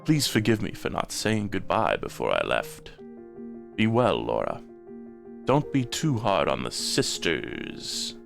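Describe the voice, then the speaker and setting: A gentle old man reads a tender letter aloud, as a man puts him on. The voice is slow and low and dips into a croak, with music quietly underneath. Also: wildly swooping pitch, exaggerated voice.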